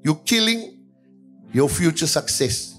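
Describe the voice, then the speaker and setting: High-voiced preaching man. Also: lively intonation, takes it slowly, soft background music. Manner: preaching with repeated hallelujahs, swinging between soft and loud. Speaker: pastor. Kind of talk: sermon.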